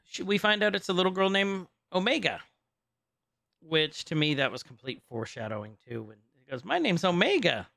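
A man's voice: a little high, fairly even intonation, brisk, creaky, pushed and bright, dry recording, studio quality. A man co-hosting a casual podcast, recapping an episode, laughing often and stumbling over names. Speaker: podcast co-host.

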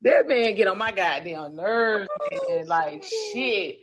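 A woman co-hosting a casual podcast, telling stories loudly with heavy profanity and frequent laughter. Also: medium pitch, takes it slowly, crowd noise. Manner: loud, profane, animated storytelling with laughter. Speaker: podcast co-host. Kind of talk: casual storytelling chat.

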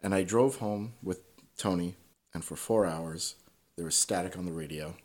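A man's voice: deep voice, normal speed, a little mellow. Swearing, candid male podcast guest. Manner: swears freely, keeps checking in with "right?". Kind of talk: casual conversational storytelling.

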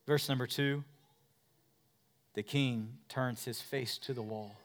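A middle-aged male pastor with a mid-range voice preaches slowly in a steady tone. He swings between loud, forceful preaching and soft, quiet storytelling, mixing in self-mocking humor.

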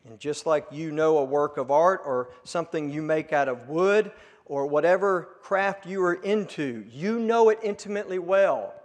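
A male pastor preaching a sermon, earnest and emphatic at peaks, then dropping to a hush. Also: fairly high pitch, moderate pace. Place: church sanctuary. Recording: long reverb of a church hall.

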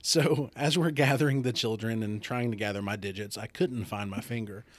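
Speaking at a normal speed in a lowish voice, a man hosting a podcast relates a story during easygoing chat. He animates the tale by performing the voices of the characters in it.

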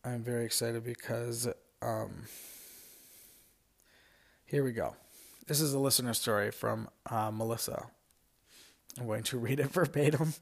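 A man's voice: mid-range voice, a little slow, gravelly, pauses often. A man hosting a podcast, reading listener stories aloud in a casual, rambling way with lots of fillers and asides. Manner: rambling, frequent fillers and asides, laughs often. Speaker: podcast host.

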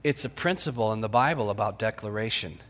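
A man preaching a sermon, dramatic, swinging from shouts to whispers. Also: on the low side, fast. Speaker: pastor. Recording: long hall reverb.

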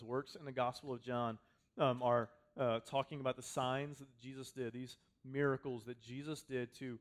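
A man delivers a sermon to his congregation at a middle pitch. His preaching is conversational, and he drives points home by repeating phrases over and over. His volume rises and drops sharply from line to line. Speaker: pastor. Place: church hall with a congregation.

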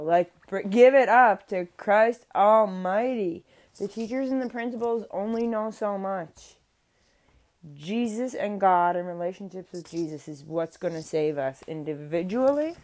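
A woman's voice: fairly low pitch, a little mellow. A young woman talking into a mic at home in a casual, earnest, rambling monologue about her faith, with many restarts and fillers. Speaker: faith vlogger. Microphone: speaking into a mic.

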